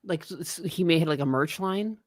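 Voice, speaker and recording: A woman co-hosting a live stream with quick, giggly reactions, speaking into a close mic. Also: deep voice, dry recording. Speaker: stream co-host. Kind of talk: casual stream chat.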